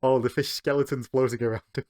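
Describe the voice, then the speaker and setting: A man's voice: mid-range voice, steady tone, fast, a little mellow. A man co-hosting a podcast, recapping a cartoon episode in casual chat and chuckling between beats.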